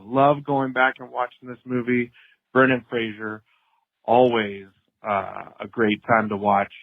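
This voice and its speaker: A man's voice: on the low side, no room sound. A man from Colorado leaving a friendly, upbeat voicemail for a podcast. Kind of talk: casual voicemail message. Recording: tinny phone line.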